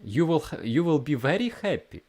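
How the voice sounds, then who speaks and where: A man voicing earnest elderly Russian village grandmothers in a put-on Russian accent, raising his voice high into a pleading sales pitch. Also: big pitch swings, moderate pace, darkish tone.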